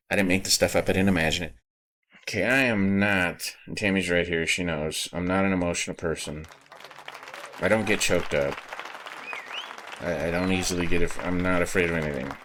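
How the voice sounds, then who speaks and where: A man hosting a podcast, telling a personal story in a halting way, repeating words and getting choked up. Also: low-pitched, steady tone, fairly bright tone, a faint crowd, slight background noise. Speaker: podcast host.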